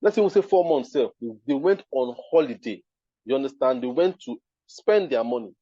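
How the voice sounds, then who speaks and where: Nigerian man, emphatic speaker, mellow husky tone, dry dull lo-fi recording. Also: medium pitch, expressive, fairly quick, no echo. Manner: emphatic, keeps asking "you understand?". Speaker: speaker at a design event. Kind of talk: live talk to an audience.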